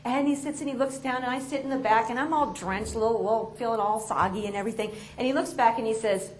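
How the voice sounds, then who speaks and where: A woman tells a story to an audience in an animated, expressive, self-mocking way. Her voice sits a little high, and faint ambient noise sits behind her. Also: fast, few pauses. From New York. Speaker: motivational speaker.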